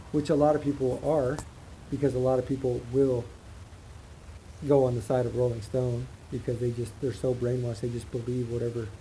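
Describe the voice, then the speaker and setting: A man's voice: medium pitch, mellow, slight background noise, low-quality recording. A man giving a casual, impassioned opinion monologue, rambling and emphatic as he makes his points. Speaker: commentary channel host.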